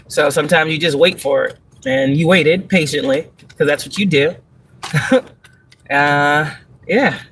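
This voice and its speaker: This tarot reader's voice is low, husky, and fairly bright as she delivers a live monologue reading on her stream. Heavy on profanity and unapologetically blunt, she laughs frequently and drives her points home with rhetorical questions.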